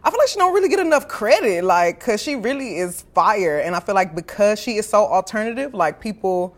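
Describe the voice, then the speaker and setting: A woman's voice: mid-range voice, animated, a little fast. A woman from Houston with a Southern US accent, a guest chatting playfully and confidently, often giggling. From Houston, Texas. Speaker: guest rapper. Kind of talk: casual interview chat.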